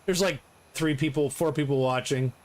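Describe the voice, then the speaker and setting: A middle-aged man giving live commentary on his gameplay, excitable, swearing and laughing often. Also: fairly high pitch, normal speed. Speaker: game streamer.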